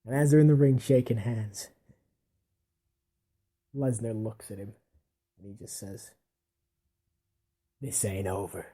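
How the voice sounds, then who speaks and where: A warm, medium-pitched male voice offers a laid-back play-by-play of a wrestling match that exists only in his imagination. He tells it in an easygoing, offhand way, revising details as he goes.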